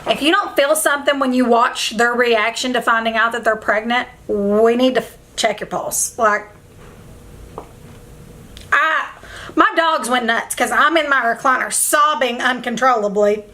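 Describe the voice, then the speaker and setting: A woman's voice: on the high side, unhurried, pushed and bright. A young woman chatting casually at home while doing her makeup, emotional and effusive, rambling from one thought to the next. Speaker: beauty vlogger. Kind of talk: casual get-ready-with-me chat. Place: at home, indoors.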